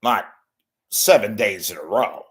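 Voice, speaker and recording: Brief: older male host, very low voice, blunt, chatty, unprepared and self-mocking. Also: expressive, a little slow. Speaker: host of an online talk show. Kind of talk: unscripted solo talk reading viewer messages.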